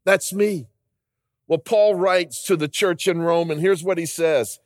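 A man's voice: a little high, fairly even intonation, moderate pace, no room sound, studio quality. A man preaching a sermon as pastor, earnest and building to emphatic declarations.

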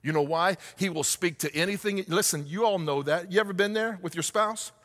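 A man preaching a sermon as pastor, asking the congregation questions and rising to shouts. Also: high voice, a little fast, long reverb tail.

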